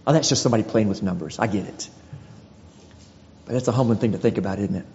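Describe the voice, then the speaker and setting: Man preaching a sermon, rhetorical questions, mellow voice, muffled lo-fi sound. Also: on the low side, fast talker, slight background noise. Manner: rhetorical questions, emphatic repetition. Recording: dull lo-fi audio with long reverb.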